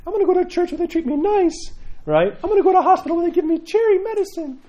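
A man's voice: very high-pitched, sing-song, rapid-fire, dark tone, dull audio, voice pushed up. A man voicing a whiny, easily offended churchgoer who complains in a squealing, mocking tone. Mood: indignant.

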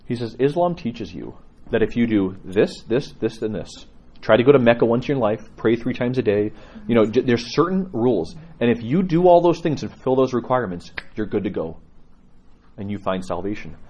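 Priest giving a casual teaching: lively, slightly husky man who tells stories. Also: medium pitch, fairly quick, muffled recording. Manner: conversational, animated storyteller with laughs. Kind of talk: teaching talk to a congregation.

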